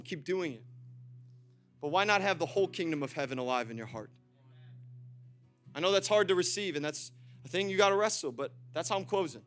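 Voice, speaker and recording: A man's voice: high voice, fairly bright tone. A pastor giving an impassioned sermon in a church, driving his points home with emphatic, repeated phrases.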